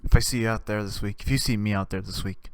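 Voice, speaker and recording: A man vlogging in a casual, rambling monologue that repeats itself, swears, and swings from hushed to loud. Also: lowish voice, fairly even intonation, fast, clean tone, no room sound, clean studio sound.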